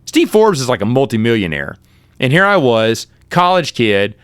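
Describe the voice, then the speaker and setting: A man's voice: mid-range voice, big pitch swings, moderate pace, fairly bright tone, smooth, no echo, studio quality. A middle-aged man hosting his own podcast, telling casual stories and often correcting himself mid-sentence. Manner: rambling, self-correcting, quotes others in shifted voices. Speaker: podcast host. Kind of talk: casual solo storytelling.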